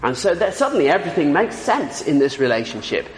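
Male preacher, emphatic sermon delivery with lively pitch, recorded in a reverberant hall. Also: fast, a little hiss or hum. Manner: emphatic, asks listeners rhetorical questions. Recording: echoey hall with long reverb.

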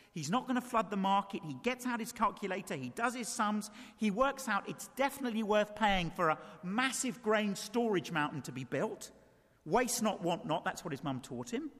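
A man preaches a sermon with a high, very lively voice that leaps around as he tells the story. He acts out the voices of its characters as he goes. His voice rings through a hall with long reverb. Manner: animated storytelling, acting out voices of people in the story.

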